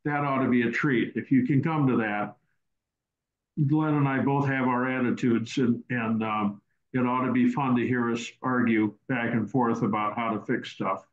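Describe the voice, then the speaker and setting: Speaking in a steady, mid-range voice at a moderate pace, a man hosts a casual teaching Q&A on a video call, rambling and repeating himself. The recording has the roomy, dull quality of online call audio.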